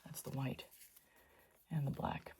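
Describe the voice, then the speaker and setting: Speaking slowly in a mellow voice, a middle-aged fluid art painter walks through a casual painting tutorial, with a little hiss or hum in the audio. She chats and wanders, adding asides while working.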